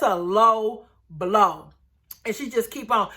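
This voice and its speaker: A woman recapping a reality TV episode in casual commentary, animated and outraged, talking straight to her viewers. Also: mid-range voice, a little slow.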